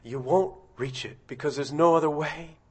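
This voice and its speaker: A man preaching a sermon, asking his congregation direct questions and swelling into loud, impassioned passages. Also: moderate pace, husky. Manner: rising to loud, high-pitched impassioned preaching.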